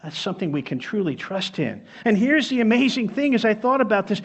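A man's voice: very high voice, lively intonation, moderate pace, hardly any pauses. A man preaching a sermon as pastor, emphatic, repeating key phrases and telling stories.

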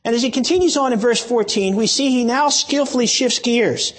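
A man's voice: very high-pitched, a little fast. A male pastor preaching a sermon, teaching through a Bible passage with emphatic asides and frequent restarts.

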